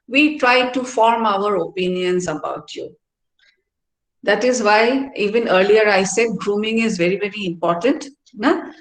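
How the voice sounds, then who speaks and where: A middle-aged woman, a professor giving a classroom lecture and often checking in with "all right?". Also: medium pitch. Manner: explanatory, asks tag questions like "no?" and "all right?". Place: university activity centre hall. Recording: roomy hall echo.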